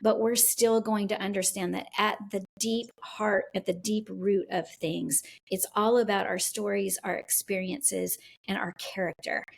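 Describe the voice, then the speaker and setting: A woman's voice: mid-range voice, steady tone, measured pace, creaky, few pauses. A woman co-hosting a podcast who talks in an effusive, openly emotional way during casual conversation. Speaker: podcast co-host.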